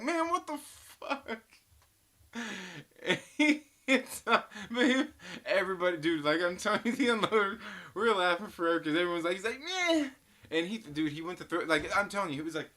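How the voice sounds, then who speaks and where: A man's voice: on the high side, bright, forceful tone. A man hosting a casual live stream, telling rambling stories full of swearing and frequent laughter, and reading chat comments aloud.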